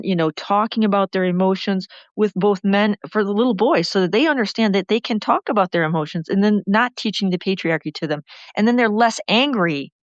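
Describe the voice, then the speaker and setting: A woman with a mid-range voice talks passionately about politics, rambling on and on without stopping. The recording is dull and lo-fi, with no echo.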